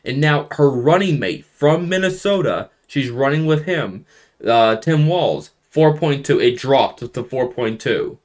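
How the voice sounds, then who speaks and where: Young male commentator, casual map breakdown, restarts a lot, mid-pitched voice, emphatic on the big points. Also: measured pace. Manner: rambling, restarts sentences, animated emphasis. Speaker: political commentator. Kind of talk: casual election map analysis.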